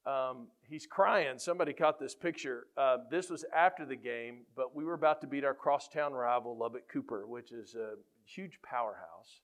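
A middle-aged man, a high school football coach, giving a faith-based storytelling talk in an animated way. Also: moderate pace, few pauses. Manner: animated, gets loud when acting out quotes.

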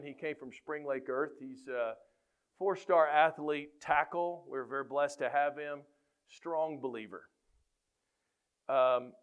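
Man, middle-aged, football coach, storytelling talk, animated, loud bursts in quotes. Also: medium pitch, clean tone. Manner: animated, gets loud when acting out quotes. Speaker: high school football coach. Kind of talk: faith-based storytelling talk.

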